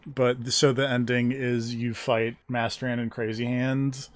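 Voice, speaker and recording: A man's voice: medium pitch, level tone, measured pace. A man chatting casually on a game stream, rambling and hesitant. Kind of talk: casual gaming stream chat.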